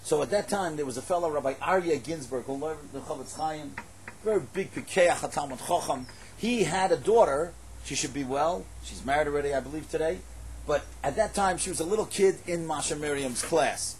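Animated high-voiced male preacher. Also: brisk, a little hiss or hum, low-quality recording. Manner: animated, emphatic, rising to exclamations. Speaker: religious storyteller. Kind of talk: sermon-style storytelling.

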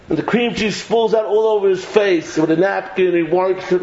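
A man giving a lively Torah lecture, joking and mixing Hebrew terms into English. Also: high voice, normal speed, hardly any pauses. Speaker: rabbi giving a Torah class. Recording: echoey room, slightly dull sound, faint noise.

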